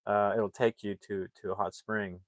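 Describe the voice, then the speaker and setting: A man's voice: on the low side, flat delivery, moderate pace, dry recording, studio quality, natural voice. A man voicing a friendly, helpful small-town local man in a movie recap.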